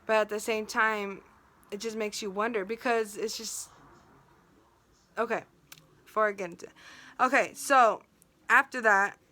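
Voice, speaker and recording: A woman's voice: a little high, sharp tone. A young woman telling a personal story on her vlog, emotional and venting, filled with "like" and quoted dialogue.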